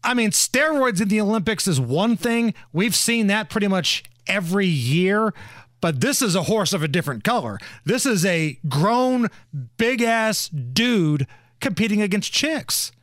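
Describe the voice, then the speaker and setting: A man's voice: high voice, expressive, measured pace, fairly bright tone, no room sound, clean studio sound. A man hosting a podcast, talking in a blunt, crude and mocking way. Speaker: podcast host. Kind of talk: casual opinion talk.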